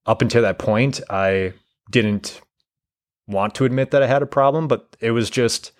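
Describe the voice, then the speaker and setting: A man's voice: medium pitch, moderate pace. A young man, a therapist, candidly recounting a personal story in an interview, reflective and full of restarts. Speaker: guest, therapist.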